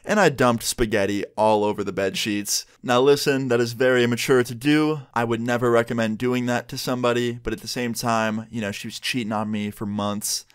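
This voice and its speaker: A man's voice: mid-range voice, steady tone, fairly quick, hardly any pauses, clean tone. A young man in his twenties, chatty and candid, casually swearing as he tells a storytime vlog. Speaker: vlogger.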